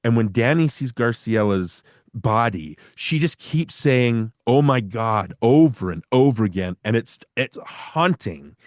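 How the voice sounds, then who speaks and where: A man's voice: medium pitch, lively intonation, unhurried, no room sound, clean studio sound. Rambling enthusiastic male podcast host. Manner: enthusiastic, rambling with restarts and acted-out quotes. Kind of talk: casual film discussion.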